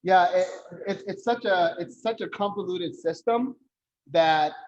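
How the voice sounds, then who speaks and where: Blunt high-voiced man leading a workshop. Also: a little slow, darkish tone, muffled recording. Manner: direct, blunt, repeats key points. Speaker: mortgage loan officer. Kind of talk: workshop presentation.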